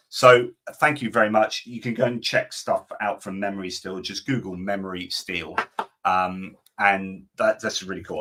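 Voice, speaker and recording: A man's voice: deep voice, sharp tone. A man hosting a live stream, chatting, reading viewer comments and giving rambling opinions. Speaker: host.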